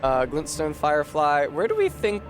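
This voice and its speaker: A man's voice: fairly high pitch, huge pitch swings, normal speed, soft background music. A man streaming a video game, chatting casually with viewers in a rambling, profane way. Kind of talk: casual chat while gaming.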